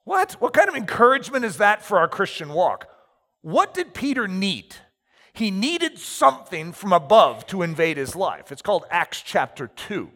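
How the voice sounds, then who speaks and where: Animated man preaching in a reverberant hall. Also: high voice, normal speed. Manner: animated storytelling with acted asides. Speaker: pastor. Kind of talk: sermon.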